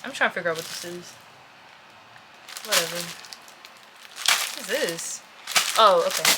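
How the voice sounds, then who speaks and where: A woman vlogger casually chatting to her viewers as she unboxes items, getting easily excited. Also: on the low side, unhurried. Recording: noisy room with packaging crinkles.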